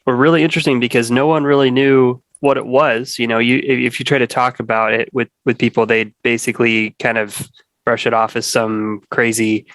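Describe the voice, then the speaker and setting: A man's voice: medium pitch, flat delivery, fairly quick, a bit bright. A man chatting as a podcast guest in an easygoing, rambling way, stopping and restarting his thoughts often. His voice sits in an ordinary middle range. The sound is close and dry, with no room echo. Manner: rambling, many restarts and fillers. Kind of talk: casual conversation.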